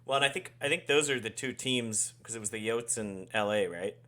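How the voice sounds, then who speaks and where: A man's voice: mid-range voice, a little fast, fairly bright tone. A man co-hosting a hockey podcast in casual chat, laid-back, swearing often and trailing off mid-sentence. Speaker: podcast co-host.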